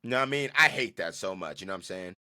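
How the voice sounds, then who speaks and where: A man hosting a solo podcast rants about football with a bright, lively voice that swings up and down a lot. He repeats his points for emphasis and talks in a loose, slangy way. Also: sits low, very fast. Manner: ranting, emphatic, repeats himself; slangy and casual. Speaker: podcast host.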